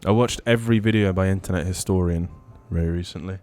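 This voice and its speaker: A man's voice: low-pitched, fast, dark tone, faint music behind. A man co-hosting a casual podcast chat, teasing his friends and laughing often. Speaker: podcast co-host.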